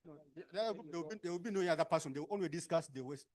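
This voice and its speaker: A man with a Ugandan English accent, facilitating a workshop and sorting participants into groups with brisk instructions and frequent tag questions. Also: a little high, darkish tone.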